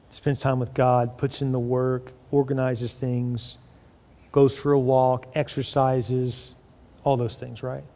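A man preaching a sermon as pastor, animated and joking, acting out the voices he quotes. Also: medium pitch. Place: church. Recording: long reverb of a church hall.

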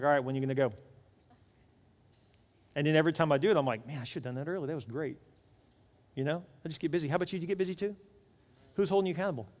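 A man in his forties preaching a sermon as a pastor, animated, acting out the voices he quotes. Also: a little high, big-room sound.

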